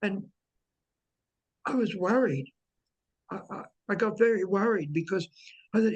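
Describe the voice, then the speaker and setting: A woman slowly recounting a personal ghost story in casual conversation, hesitant, with fillers and repeated words. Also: medium pitch, darkish tone, breathy edge. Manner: unhurried, dwelling on details. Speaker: medium telling her own ghost stories.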